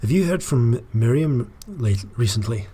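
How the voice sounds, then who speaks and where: A man voicing a proud, formal woman leader in a put-on Scottish accent, reading game dialogue aloud in measured diplomatic phrases. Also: medium pitch, animated, dark tone, breathy edge. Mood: formal, stern.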